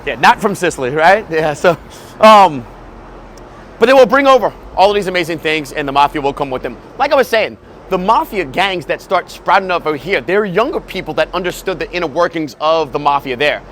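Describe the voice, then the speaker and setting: A man giving a walking tour outdoors, animated, casual and profane. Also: on the high side, a little fast, slight background noise. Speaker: tour guide. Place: outdoors on a city street.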